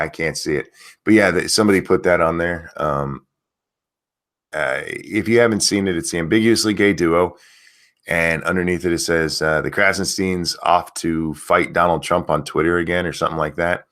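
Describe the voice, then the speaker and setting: A man hosting a casual livestream, ranting with a lot of profanity and reading viewer comments aloud. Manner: lively pitch, mocking voices. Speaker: streamer host.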